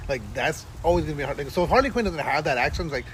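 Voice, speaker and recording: A man's voice: a little high, animated, racing, very noisy. A man co-hosting a gaming podcast in casual chat, rambling with restarts and swearing freely. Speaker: podcast co-host.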